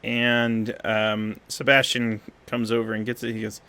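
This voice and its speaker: A man narrating a tabletop role-playing game as game master, in a relaxed, loose way. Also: on the low side, unhurried.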